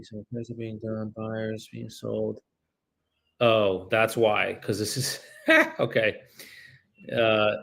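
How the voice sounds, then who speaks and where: A man's voice: fairly low pitch, vocal fry. A man working as a real estate broker, talking casually to viewers between calls and switching to a polite, formal voice when he is on the phone. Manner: casual, swears when frustrated. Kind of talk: livestreamed cold calling with commentary.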